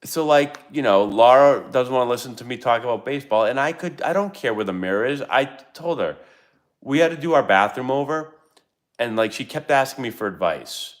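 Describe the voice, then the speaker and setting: A middle-aged former pro ballplayer hosting his channel's relaxed live-stream Q&A speaks at medium pitch, animated and a little fast. He spins meandering stories, breaking in on himself mid-thought.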